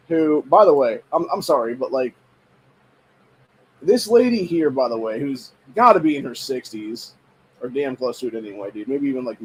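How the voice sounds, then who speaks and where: A man's voice: mid-range voice, darkish tone, a little hiss or hum, low-quality recording. A man hosting a podcast, giving rambling, profane political commentary in a dismissive, ranting tone, full of filler phrases. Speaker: podcast host.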